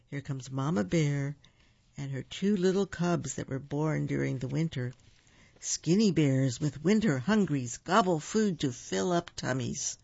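A man gently reading picture books aloud, explaining things as he goes for a young audience. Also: fairly high pitch, vocal fry, no room sound, dull audio. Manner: gentle, unhurried, explains to children. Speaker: storyteller. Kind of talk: picture-book read-aloud.

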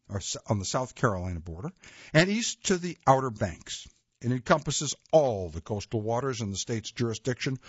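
A man with a husky voice reads nonfiction aloud, his pitch rising and falling with plenty of movement. The reading is measured, with a stumble or self-correction here and there. The recording is dull and lo-fi, with a dry, close sound. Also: no room sound. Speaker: reader. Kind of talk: read-aloud nonfiction narration.

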